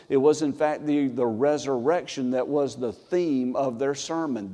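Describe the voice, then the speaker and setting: Pastor guy preaching on sunday, mellow warm voice, big echoey church, gets loud then goes quiet. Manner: earnest preaching, rising for scripture, dropping low and soft. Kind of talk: sermon. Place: church sanctuary. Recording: long church reverb.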